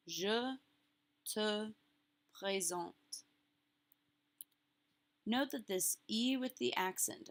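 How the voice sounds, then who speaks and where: A woman teaching a recorded French lesson, explaining phrases in a casual, friendly way and slowly repeating each one word by word for pronunciation. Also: medium pitch.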